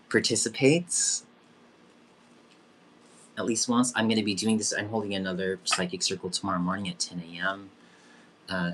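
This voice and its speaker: A young man with a fairly low voice leads a live-streamed psychic circle. He talks in an effusive, emotional way and breaks into giggles easily. There is a faint hum behind him. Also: bright, forceful tone. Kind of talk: live-stream group session.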